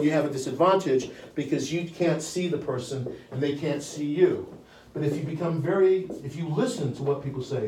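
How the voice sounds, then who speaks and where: A man's voice: fairly high pitch, darkish tone, a little hiss or hum. An older man leading a live sales training, brash and blunt, with frequent profanity. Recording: echoey room, distant mic.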